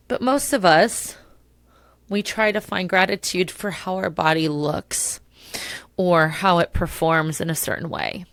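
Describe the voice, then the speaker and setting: A woman's voice: lowish voice, lively intonation, a little slow, creaky, fairly bright tone, dry recording. A middle-aged woman hosting a solo podcast, talking passionately and emotionally with many restarts. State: tearful at times. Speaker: podcast host.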